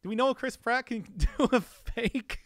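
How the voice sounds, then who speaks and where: A man's voice: very high voice, normal speed, fairly bright tone. A man streaming a game and chatting casually, repeating himself and laughing often. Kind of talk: casual live-stream chat while playing.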